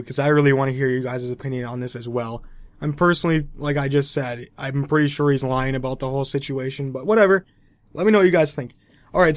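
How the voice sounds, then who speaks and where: Young male gaming news host, slightly high voice, dry close mic, casual and opinionated. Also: no echo. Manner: chatty, opinionated, sarcastic asides.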